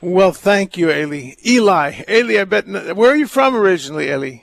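An older man with a gravelly, slightly high voice hosts a call-in radio show as a priest. He talks casually and rambles, laughing often and tripping over his words. The sound is dry and close. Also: expressive, fairly quick, no echo.

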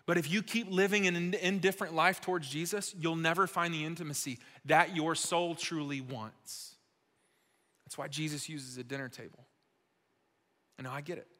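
A man preaching a sermon to young adults with impassioned repetition that sinks into hushed, intimate tones. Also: fairly high pitch, steady tone, normal speed. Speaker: pastor speaking to young adults. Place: church auditorium. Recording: long reverb of a large hall.

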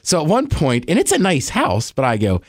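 A man co-hosting a podcast in casual chat, telling stories with a voice that jumps high when excited. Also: normal speed, no echo, clean studio sound. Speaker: podcast co-host.

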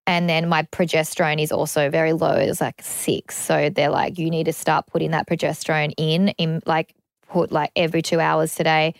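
A young Australian woman talks openly in a loose, rambling way, full of fillers and the odd curse. Her voice sits a touch low, and the sound is close and dry with no room around it. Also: flat delivery, normal speed, creaky, no echo. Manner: rambling, frequent "like", swears freely. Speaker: podcast host. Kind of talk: candid casual chat.

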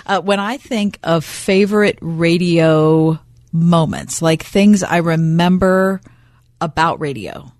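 A woman's voice: on the low side, expressive, slow, a little mellow, dry recording, studio quality. A woman co-hosting a radio show, trading casual banter and telling stories with a teasing wit. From Pittsburgh. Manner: chatty, storytelling, teasing.

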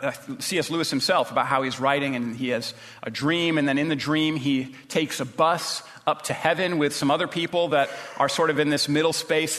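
A man's voice: mid-range voice, a bit bright, long reverb tail. A male pastor preaching a sermon in a conversational way, with some restarts.

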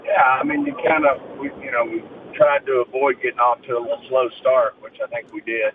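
A man calling into a radio show as a team executive, speaking in measured, filler-heavy answers over a telephone line. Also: mid-range voice, steady tone, far from the mic. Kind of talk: phone interview. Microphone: phone line. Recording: tinny noisy phone line.

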